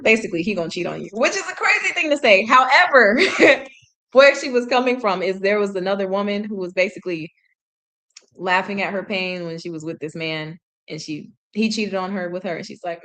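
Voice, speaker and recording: Woman, mid-range voice; relaxed streamer reading lines aloud and translating, chatting and correcting herself as she goes. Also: medium pitch, brisk. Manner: chatty, self-correcting, laughs at herself, drops into sung snippets. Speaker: language learner streaming a reading session.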